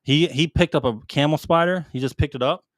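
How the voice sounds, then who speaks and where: A man's voice: a little high, fairly quick, no echo, studio quality. A man in his thirties, a podcast co-host and former Marine, telling rambling, profane war stories in casual chat.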